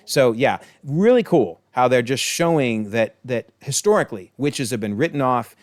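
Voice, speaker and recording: A man talking through a TV episode in a loose, chatty way, amused and quick to call things hilarious. His voice sits at an ordinary middle pitch. The sound is dry and close, with no room echo. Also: lively intonation. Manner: briefly acts out quoted lines in changed voices. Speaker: online TV episode reviewer. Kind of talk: casual episode breakdown commentary.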